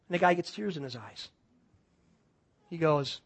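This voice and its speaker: A man from Wisconsin, a pastor preaching a sermon, telling a story in an animated way and acting out the people in it. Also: fairly high pitch, moderate pace, pauses often.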